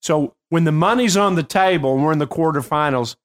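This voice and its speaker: Older man telling lively stories. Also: a little high, a little fast. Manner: animated, laughing storyteller. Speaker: host and performance coach. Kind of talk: casual storytelling.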